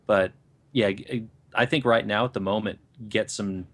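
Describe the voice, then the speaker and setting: A man's voice: on the low side, fairly even intonation, moderate pace, fairly bright tone. A man co-hosting a podcast, offering thoughtful, rambling advice in casual chat. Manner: thoughtful, rambling, with many fillers and restarts. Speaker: podcast co-host.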